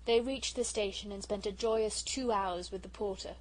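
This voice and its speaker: A woman reading a classic children's novel aloud as an audiobook narrator, in a calm storytelling way. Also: medium pitch, moderate pace, hardly any pauses, low-quality recording. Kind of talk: scripted narration.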